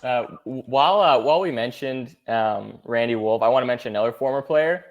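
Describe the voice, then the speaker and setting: A man hosting a casual podcast interview, relaxed, reacting with laughter and asking short questions. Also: mid-range voice, fairly quick, highs cut off. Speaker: podcast host.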